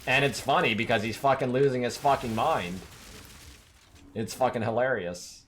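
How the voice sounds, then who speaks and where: A man's voice: medium pitch, normal speed, a bit bright, slight background noise. A man streaming a game, talking casually to his chat in a rambling, profanity-laden rant that keeps circling back to one point.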